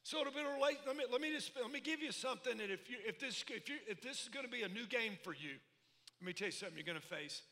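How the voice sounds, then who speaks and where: A pastor preaches in a big hall, his voice high and bright as it rings back off the walls. He talks in a folksy, animated way, with call-and-response asides to the crowd. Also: fast talker. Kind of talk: sermon. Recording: echoey hall reverb.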